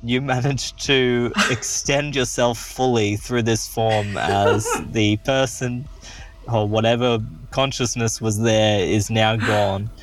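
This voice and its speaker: A man acting as game master, narrating gruesome events in a calm, deliberate way. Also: medium pitch. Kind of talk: running a tabletop horror game.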